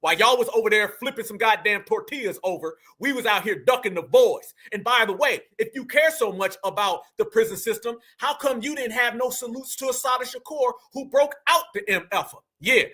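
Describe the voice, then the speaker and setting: A man hosting a reaction commentary show, talking to his audience in lively slang and stopping a clip to answer it. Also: very high voice, a little fast, hardly any pauses. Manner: animated, addresses audience directly with slang. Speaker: commentary host.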